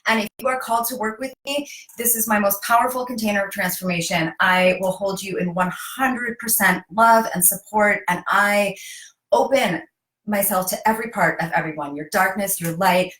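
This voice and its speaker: A woman's voice: mid-range voice, a bit bright. Reassuring woman life coach, roomy sound. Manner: reassuring and encouraging, stretches key phrases slowly. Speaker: life coach, host of the live stream. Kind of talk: casual live-stream chat with a program pitch. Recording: roomy echo.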